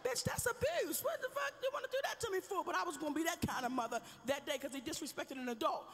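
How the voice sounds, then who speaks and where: Loud brassy woman doing standup, high bright voice, echoey hall. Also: animated, quick pace. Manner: brash, profane storytelling with loud outbursts. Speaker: stand-up comedian. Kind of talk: stand-up comedy. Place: live comedy stage. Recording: reverberant live venue.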